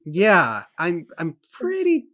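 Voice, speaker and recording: A man co-hosting a casual book club, reading aloud and reacting with quick, laid-back asides. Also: high voice, huge pitch swings, pushed and bright, no room sound, studio quality. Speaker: book club co-host and reader.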